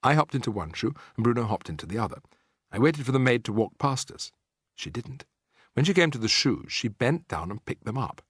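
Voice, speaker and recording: A man reading a children's story aloud as a lively, expressive audiobook narrator. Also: medium pitch, a little fast, husky, dry recording, clean studio sound. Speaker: audiobook reader.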